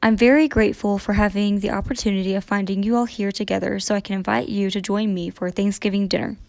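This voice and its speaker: A woman's voice: medium pitch, steady tone, fast talker, creaky, darkish tone, no room sound, natural voice. Cheerful storybook boy with a grown-up tone, read by a woman, dry and close. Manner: laughing, grown-up tone. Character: cheerful young boy, friend of the animals.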